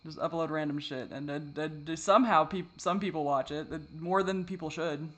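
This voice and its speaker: Fairly high in pitch, a male vlogger makes a confessional video in hesitant, repetitive speech laced with profanity. He veers between being distraught and offering quiet, wry digs at himself.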